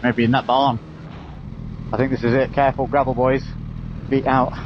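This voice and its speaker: A man vlogging a motorbike road trip, excitable and jokey, teasing animals and locals. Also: medium pitch, moderate pace, dull audio, noisy background. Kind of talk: casual on-the-road vlog chat.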